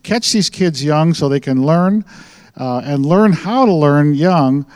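A man presents his mission work over slides, earnest and explanatory. His voice is a touch high, and he restarts phrases as he goes. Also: animated, slow, a little mellow, clean tone. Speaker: missionary doctor.

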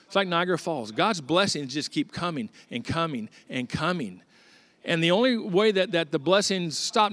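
A man preaching a sermon as a visiting pastor, telling stories in an animated, conversational way. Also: a little high, dry recording.

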